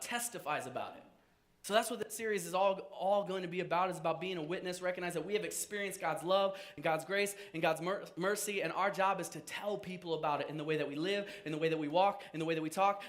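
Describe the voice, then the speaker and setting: A man preaching a casual sermon as pastor. He is conversational and animated, and he jokes about himself. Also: fairly high pitch. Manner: conversational, self-joking, animated.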